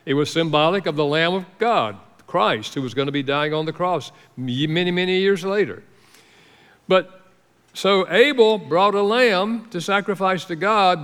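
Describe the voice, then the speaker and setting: A man's voice: high-pitched, a bit bright. A middle-aged man preaching a sermon as pastor, telling stories and acting out the voices of the people he quotes. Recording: long hall reverb.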